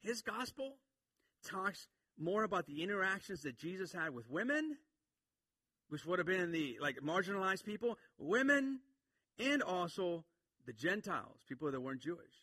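A man preaching a sermon, swinging from quiet explanation to emphatic points. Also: high voice, sing-song, moderate pace, husky, no room sound. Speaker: pastor.

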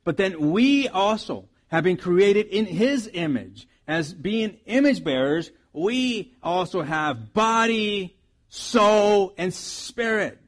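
Animated male pastor preaching a sermon. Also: sits high, takes it slowly. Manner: animated storytelling with big swings in loudness.

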